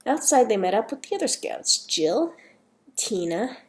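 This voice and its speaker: A woman's voice: on the high side, very animated, unhurried. A woman, slightly sick, reading a fan story aloud in a casual, chatty way with self-deprecating asides.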